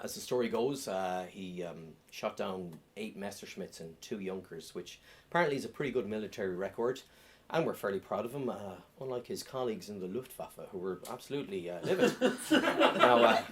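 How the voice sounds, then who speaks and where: Guy doing stand-up, deadpan, lots of ums, voice goes up and down a lot. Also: mid-range voice. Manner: deadpan, with many ums and uhs. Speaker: stand-up comedian. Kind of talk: stand-up comedy set. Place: comedy club stage.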